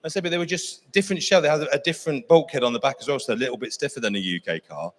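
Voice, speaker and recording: A man talks at a rapid clip about classic cars, eager and sure of his views. He sounds like a pundit alongside the auctioneer. The sound echoes around a large hall. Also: mid-range voice. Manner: fast, enthusiastic, opinionated. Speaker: car expert commentator. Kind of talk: expert commentary.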